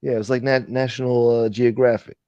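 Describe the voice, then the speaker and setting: A man hosts a late-night livestream, rambling loosely and swearing freely as he answers his chat. His voice sits at an ordinary middle pitch. The sound is dull and lo-fi, close and dry with no room echo. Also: little pitch movement, a little fast, mellow. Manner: profane, rambling, reads and answers chat comments. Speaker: livestream host.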